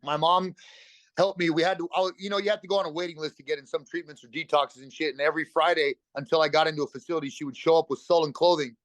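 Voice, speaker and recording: A middle-aged man telling a raw personal recovery story as a podcast guest, talking fast and bluntly with emotion and free swearing. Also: on the high side, steady tone, no room sound.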